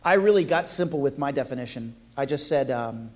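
A man's voice: medium pitch, animated, fairly quick. A man preaching a sermon, playful and jokey, talking directly to the congregation. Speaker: pastor.

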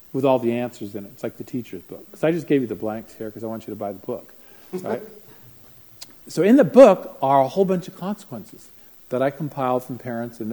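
A man with a mellow, warm voice teaching parents. He tells a long story in a chatty way and acts out the voices of the people in it. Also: medium pitch, low-quality recording. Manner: anecdotal, acts out voices while telling stories. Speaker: parenting seminar speaker. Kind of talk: conversational teaching talk.

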